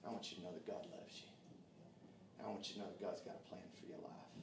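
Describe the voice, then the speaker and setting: A man's voice: deep voice, little pitch movement, fast, creaky, noisy background. A man preaching a sermon in a folksy, fervent way, with frequent amens. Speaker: pastor. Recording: roomy echo, distant from mic.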